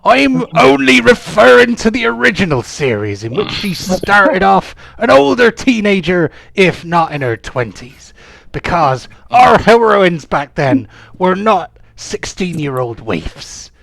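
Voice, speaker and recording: A man's voice: sits high, big pitch swings, creaky, fairly bright tone, dry recording. A man acting as game master who chats casually and rambles off on tangents, recorded through a camera microphone. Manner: chatty and rambling, quick to go off on tangents. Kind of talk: casual chat between players.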